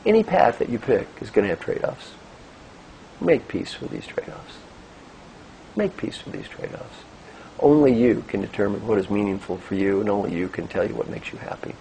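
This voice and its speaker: A man's voice: lowish voice, fairly quick, gravelly, a little hiss or hum, low-quality recording. An older man giving a motivational talk as a coach, guiding listeners through breathing and telling stories. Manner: animated storytelling, gentle coaching. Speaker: executive coach. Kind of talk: motivational talk with guided exercise.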